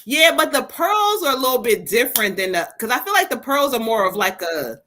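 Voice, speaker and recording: A woman hosting a live psychic reading stream laughs, swears and banters directly with her viewers before reading cards for them. Her bright, forceful voice is on the high side, swings widely in pitch and runs a little fast, with slight background noise.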